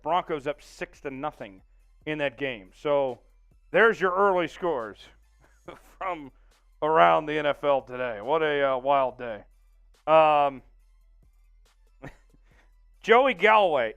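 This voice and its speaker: A man hosting a casual sports livestream, reading out viewer donations, excitable and laughing often. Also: fairly high pitch, vocal fry, clear, resonant tone, lo-fi sound. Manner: excitable, reads out super chats, laughs often. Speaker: livestream host.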